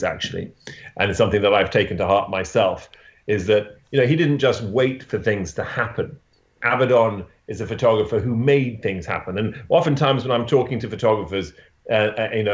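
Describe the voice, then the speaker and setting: A man who is a portrait photographer, telling a story in an interview, halting often with restarts and "you know" fillers. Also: on the low side, echoey room, muffled recording.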